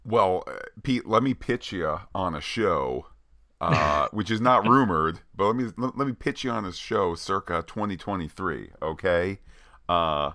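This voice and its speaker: A man's voice: deep voice, animated, measured pace, pushed and bright, no room sound, clean studio sound. A man co-hosting a podcast, talking in a chatty, playful way with plenty of filler words. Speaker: podcast co-host. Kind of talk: casual chat.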